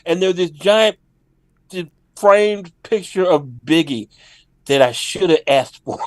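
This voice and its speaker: High-voiced man telling a funny story. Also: slow pace, dry recording. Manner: animated, laughing storyteller. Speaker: comedian guest. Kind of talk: casual podcast storytelling.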